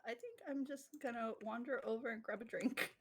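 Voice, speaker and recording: A woman's voice: a little high, moderate pace, a crowd in the background. Hesitant, giggly woman at a tabletop game. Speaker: player.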